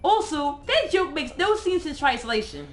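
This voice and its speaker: A woman's voice: sits high, big pitch swings, faint music behind. Exasperated young woman reading a game. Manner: exasperated, quick to laugh. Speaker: co-host, game reader. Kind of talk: casual game playthrough reading.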